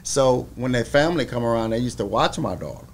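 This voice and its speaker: A man, a singer, chatting as an interview guest and telling stories in an animated, laughing way. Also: mid-range voice, a little fast, slight background noise. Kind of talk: storytelling interview chat.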